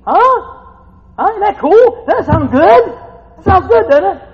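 An older man preaching a sermon, swinging from hushed asides to excited shouts. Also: very high-pitched, moderate pace, big-room sound, highs cut off. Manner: animated, swings from quiet to shouting. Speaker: pastor.

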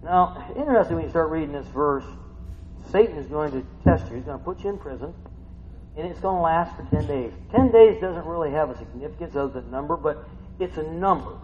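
An older man preaching a sermon, swinging from hushed asides to excited shouts. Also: fairly high pitch, fairly quick, long reverb tail, dull audio, a little hiss or hum. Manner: animated, swings from quiet to shouting. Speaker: pastor.

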